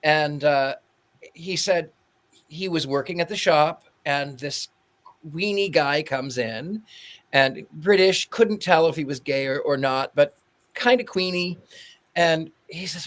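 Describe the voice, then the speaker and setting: Brief: a fairly high-voiced man, animated podcast storyteller. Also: slow pace. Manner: animated storyteller, acts out quotes. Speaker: podcast co-host. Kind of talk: casual chat.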